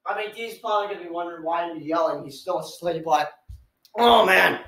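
A young man hosts a reaction video from home, talking straight into his webcam. His voice sits high, and he is overwhelmed, yelling and repeating the same exclamations. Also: fairly quick. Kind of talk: excited reaction commentary.

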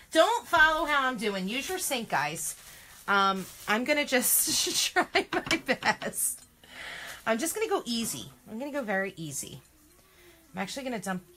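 A woman's voice: fairly high pitch, bright, forceful tone, slight background noise. A woman chatting through a home craft demo, chatty and self-deprecating, often exclaiming. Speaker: craft vlogger.

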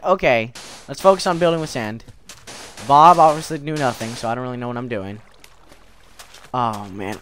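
A man's voice: medium pitch, expressive, moderate pace, fairly bright tone. A man rambling goofily through let's play commentary, with mild mock curses and silly tangents. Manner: rambling, goofy, mock cursing. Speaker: gaming video creator.

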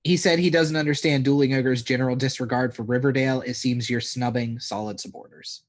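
A man's voice: medium pitch, steady tone, a little fast. A man co-hosting a podcast in casual chat, with a dry, teasing humor. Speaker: podcast co-host.

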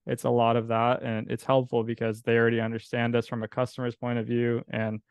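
A man's voice: mid-range voice, monotone, a little fast, clear, resonant tone, no room sound, clean studio sound. A man from California, a coffee business owner, talking casually as a podcast guest, rambling with fillers and restarts.

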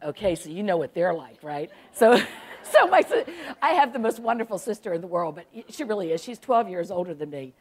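A woman's voice: fairly low pitch, big pitch swings, fairly quick, a little mellow. A woman, an author telling funny stories to a library audience in a chatty, self-mocking way. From South Carolina. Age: 60s. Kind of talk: humorous storytelling talk to an audience. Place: public library event.

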